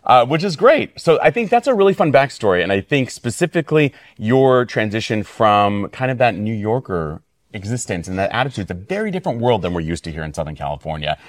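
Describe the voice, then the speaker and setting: A man's voice: on the low side, big pitch swings, fairly quick. A man hosting an interview, asking long, rambling questions and praising his guest effusively. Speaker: podcast host, interviewer. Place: venue hall.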